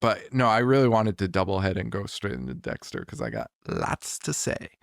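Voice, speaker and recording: A man's voice: lowish voice, big pitch swings, moderate pace, creaky, no room sound, clean studio sound. A young man co-hosting a casual horror podcast, joking and swearing, often laughing. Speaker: podcast co-host. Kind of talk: casual chat.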